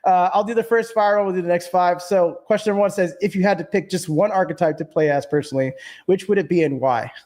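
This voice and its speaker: Man, fairly high voice, laid-back, casual podcast host, lots of fillers. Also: a little fast, a little mellow. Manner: laid-back, laughs easily, filler-heavy. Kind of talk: casual gaming podcast hosting.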